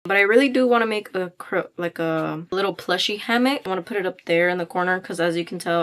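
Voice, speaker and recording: A woman's voice: lowish voice, no room sound. Chatty young woman crochet vlogger, dry sound. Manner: chatty, excitable, thinking aloud. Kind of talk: casual vlog chat. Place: bedroom at home.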